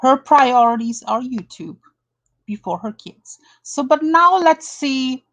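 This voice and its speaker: A woman's voice: high-pitched, expressive, slow, a bit bright, poor audio. A woman from Germany doing a blunt, indignant drama commentary, calling someone out and reading an article aloud. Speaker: commentary vlogger.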